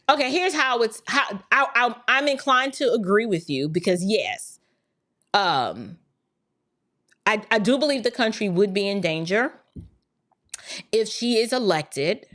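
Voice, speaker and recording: A woman's voice: a little high, fairly bright tone. A woman hosting an opinion podcast, talking emphatically and preachily with rhetorical questions, and reading viewer chats. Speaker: podcast host.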